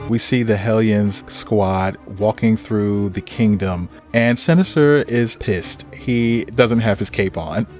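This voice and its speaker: A man's voice: on the low side, slow, few pauses, a little mellow, soft background music. A man recapping a comic book story in a wry, irreverent narration.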